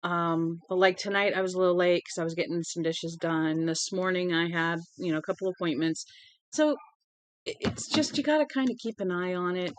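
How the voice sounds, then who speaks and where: A woman with a fairly low voice speaks fairly quickly, without echo, as she hosts a read-aloud livestream. Once the reading ends she chats casually with viewers, yawning and weary, rambling amiably with frequent "um"s.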